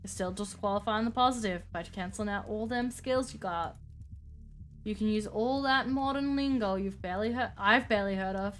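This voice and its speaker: A woman's voice: medium pitch, normal speed, close to an everyday voice. Woman playing a cowboy therapist man, put-on Western accent, folksy, reassuring, faint music. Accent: put-on American Western.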